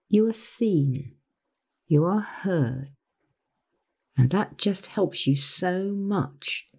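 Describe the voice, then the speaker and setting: A woman's voice: low-pitched, warm tone, husky. An older woman giving a motivational talk as a life coach, earnest, putting on other people's voices when she quotes them.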